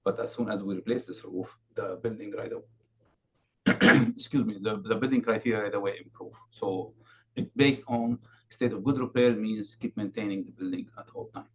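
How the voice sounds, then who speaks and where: A man giving a consultant's presentation at a council meeting, halting with many fillers and restarts. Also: on the low side, fairly bright tone. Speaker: building condition consultant presenting. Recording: dull lo-fi remote audio, faint noise.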